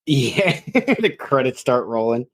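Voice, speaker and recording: A man's voice: medium pitch, sing-song, takes it slowly. Easygoing man chatting as podcast co-host. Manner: easygoing, chimes in and agrees readily. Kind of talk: casual comedic chat.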